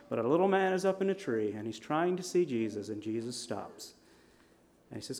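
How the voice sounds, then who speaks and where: A man preaching a sermon in a conversational storytelling manner, with lively shifts in volume. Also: mid-range voice, moderate pace, vocal fry. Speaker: pastor.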